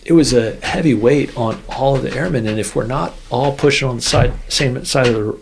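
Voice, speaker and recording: A man's voice: mid-range voice, fairly quick, gravelly, a little hiss or hum. A man, a former Air Force officer, tells a story in a casual interview, rambling with many restarts. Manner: rambling, full of "you know" and restarts.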